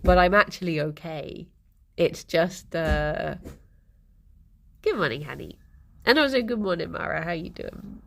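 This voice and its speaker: A young woman streamer in casual chat with her viewers, her voice husky after a late night, chatty and giggly. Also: on the low side, animated, a little slow, long pauses, fairly bright tone.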